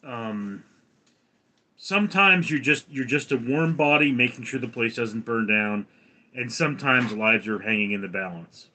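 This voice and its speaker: An American man hosting a livestream in a casual chat, reading viewer comments aloud and answering them in a rambling, halting way. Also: medium pitch, bright, forceful tone. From United States. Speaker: livestream host.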